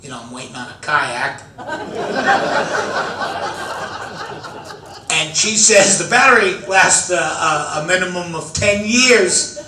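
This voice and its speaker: An older man, an after-dinner speaker telling stand-up style comic stories, building to excited shouted punchlines. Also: high voice, takes it slowly, pauses often, background noise. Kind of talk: stand-up storytelling. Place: large event hall with an audience. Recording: echoey hall, mic at a distance, audience laughter.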